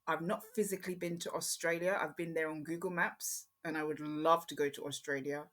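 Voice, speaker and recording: A woman born in Jamaica, speaking with an English accent, hosting her own podcast in a chatty, rambling way with frequent pauses. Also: sits low, fairly even intonation, fairly bright tone. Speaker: podcast host. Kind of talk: casual solo podcast chat.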